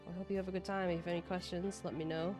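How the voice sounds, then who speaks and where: A woman's voice: lowish voice, little pitch movement, very fast, over music. A woman streamer chatting casually as she plays, rambling through explanations of the game. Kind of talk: casual gameplay commentary.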